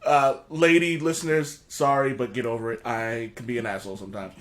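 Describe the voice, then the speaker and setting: A man's voice: mid-range voice, steady tone, fairly quick. A middle-aged man hosting a casual comedy podcast, rambling through jokes and profane stories. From Boston area. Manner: jokey, rambling, profane storyteller. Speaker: podcast host.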